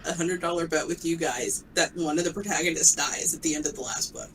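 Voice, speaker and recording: A woman joining a podcast chat with quick, joking interjections. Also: sits low, steady tone, a bit bright. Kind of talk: casual chat. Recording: distant mic with faint noise.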